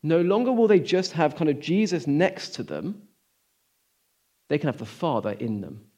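A man preaching a sermon, earnest and full of rhetorical questions, moving between emphatic lines and hushed, almost whispered ones. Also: a little high, expressive, normal speed.

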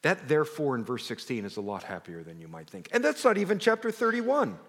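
Male preacher, slightly high voice, lively swooping delivery, conversational sermon, long church reverb. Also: a little fast. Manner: animated, conversational, self-interrupting, drops to near whisper. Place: church sanctuary.

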